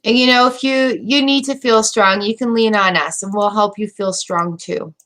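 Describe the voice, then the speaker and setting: A woman's voice: mid-range voice, normal speed, fairly bright tone. A middle-aged woman giving a live tarot reading, chatty, emotional and rambling with fillers. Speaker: tarot reader.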